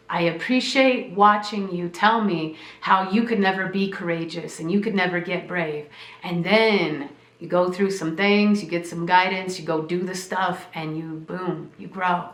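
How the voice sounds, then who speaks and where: A woman's voice: on the low side, fairly even intonation, unhurried, a bit bright. Emotional woman podcast host, echoey room. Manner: emotional, preacher-like, repeating phrases, voice shaking. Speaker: podcast host and spiritual teacher. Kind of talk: heartfelt podcast monologue.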